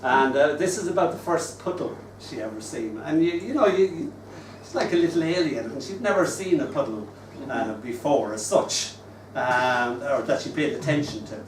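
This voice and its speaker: A man in his sixties reads his poetry at an open mic, telling stories with wistful, gentle humour. His voice sits slightly high and comes from some way off the mic. The room is roomy and echoing, with a faint ambient hum. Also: normal speed, distant mic. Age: 60s. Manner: wistful, gently humorous storytelling. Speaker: poet and open mic host. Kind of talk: live poetry reading. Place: live open mic venue.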